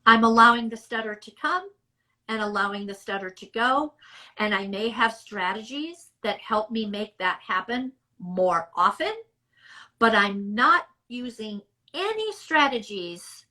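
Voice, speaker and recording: A middle-aged woman speech therapist giving measured, emphatic explanations in a podcast interview. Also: fairly high pitch, expressive, sharp tone, low-quality recording.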